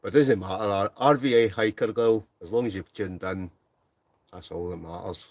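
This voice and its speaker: A man's voice: lowish voice, moderate pace, a little mellow, no echo. Chatty Scottish man in his forties. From Scotland. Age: 40s. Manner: chatty, laughs often, mumbles a bit. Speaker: livestream host. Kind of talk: casual live chat reading comments. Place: inside a tent.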